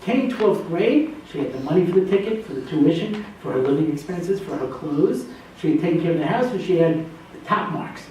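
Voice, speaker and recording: A male rabbi telling a story to a group of students, acting out the dialogue and jumping his pitch for the other voices. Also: animated, a little fast, a little mellow, distant mic. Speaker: rabbi and lecturer. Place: lecture hall with laughing audience. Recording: echoey hall, voice from afar, faint noise. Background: audience laughter.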